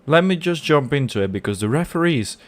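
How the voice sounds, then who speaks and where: A man's voice: a little high, lively intonation, a little fast. A man hosting a football fan channel, giving a live match reaction and ranting angrily with lots of swearing and repeated words. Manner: angry, swearing rant.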